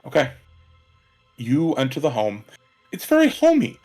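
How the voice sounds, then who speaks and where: A man narrating a tabletop game as its game master. He talks in a relaxed way, with many fillers. Faint music plays behind him. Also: on the high side, a little slow.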